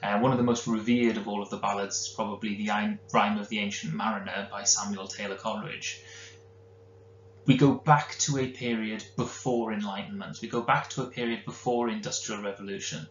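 A man's voice: lowish voice, fairly even intonation, a little fast. A man with a Welsh accent teaching a recorded literature lesson, explaining in a conversational way with the odd filler. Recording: roomy, dull lo-fi recording with faint hum.

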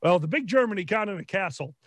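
A tipsy man with a Chicago accent hosting a comedy panel, telling rambling, excitable stories. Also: sits high, fast, no echo. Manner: rambling, excitable, does voices in anecdotes. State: tipsy from drinking. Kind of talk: drunk comedic storytelling. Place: convention panel stream.

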